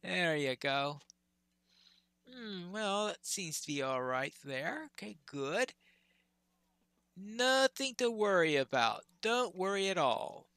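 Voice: medium pitch, big pitch swings, takes it slowly, long pauses, a bit bright, dry recording. A game player giving chatty commentary over a fantasy game, laughing at stumbles over hard names. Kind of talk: let's play commentary.

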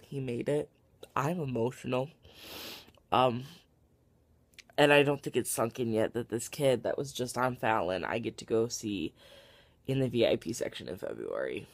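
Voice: mid-range voice, animated, normal speed, long pauses. A young adult vlogger speaks casually to camera at home, worn out but overflowing with feeling. The voice sits mid-height and the sound is dry and close, with no room echo. Sentences tumble out with fillers and restarts. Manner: gushing and emotional, rambling with many fillers and restarts. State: tired and worked up. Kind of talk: casual late-night vlog to camera.

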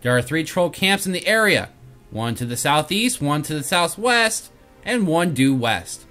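A man's voice: a little high, very animated, unhurried, pushed and bright, soft background music. A man hosting a game let's play, reading quest text aloud and joking about himself. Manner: playful, jokey, laughs at himself. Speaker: host.

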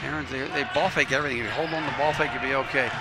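A man doing play-by-play commentary for a high school basketball game. He calls quick plays and adds coaching asides. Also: fairly even intonation. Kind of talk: local sports commentary. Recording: noisy gym ambience. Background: game crowd and ball bounces.

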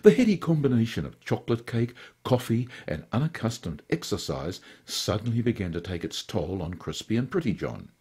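Man reading a story on community radio, super expressive, warm kinda husky voice. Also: fairly low pitch, fairly quick, hardly any pauses. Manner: lively, theatrical storytelling. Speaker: volunteer radio story reader. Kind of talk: expressive audiobook narration.

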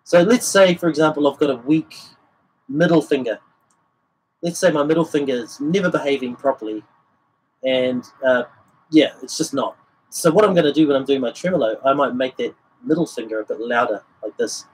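During a casual livestream guitar lesson, a male teacher explains technique and sings rhythms as syllables, his mid-range voice a little fast. Guitar plays behind him, and the low-quality recording carries some hiss or hum.

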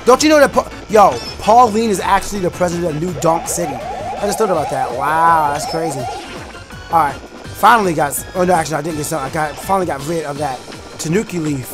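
A young man giving excited, rambling commentary while playing a racing game, shouting at rivals and breaking into freestyle raps. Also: fairly high pitch. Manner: animated, bursts into shouts and freestyle rapping, fast rambling asides. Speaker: gaming YouTuber. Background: game music.

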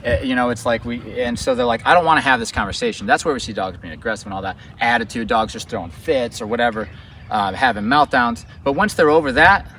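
A man's voice: medium pitch, sing-song, quick pace, gravelly, bright, forceful tone. A man talks through a dog training session with loose, enthusiastic explanations. He stands some distance from the mic outdoors. Faint traffic hums behind him.

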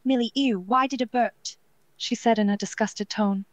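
A woman's voice: on the high side, steady tone, moderate pace, no echo, close to an everyday voice, poor audio. A synthetic woman's voice reading a young British chatbot character, narrating her own actions in a prim tone. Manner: reads actions and lines aloud, prim. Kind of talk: text-to-speech chatbot roleplay.

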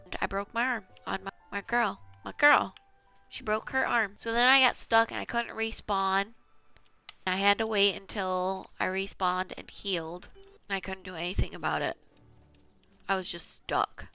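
A woman's voice: mid-range voice, steady tone, moderate pace, gravelly, bright, forceful tone, clean tone, soft background music. A woman casually talking to herself as she plays a video game, chatty and self-mocking. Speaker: gaming channel host. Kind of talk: casual gameplay commentary.

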